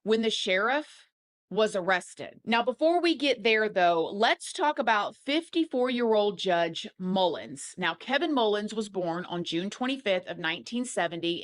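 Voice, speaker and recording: Chatty woman narrating true crime. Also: mid-range voice. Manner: chatty storytelling with fillers like "like". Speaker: true crime video creator.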